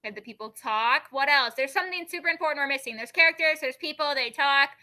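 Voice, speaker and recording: A woman's voice: high-pitched, fast, pushed and bright. A woman teacher leading a classroom lesson, explaining with everyday examples, often checking in with "okay?" and giving firm directions to the class.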